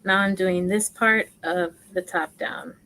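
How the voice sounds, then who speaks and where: A woman gives a casual live crochet tutorial in a bright, forceful, mid-range voice with fairly even intonation, recorded roughly. Her pace is slow and chatty, she laughs at herself, and she frequently murmurs stitch counts under her breath.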